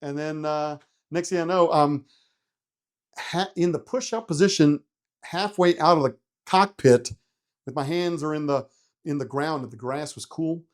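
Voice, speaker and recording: A man's voice: a little high, measured pace. A middle-aged man, a retired helicopter pilot, telling a story in a casual interview and acting out his own panicked reactions, swearing freely.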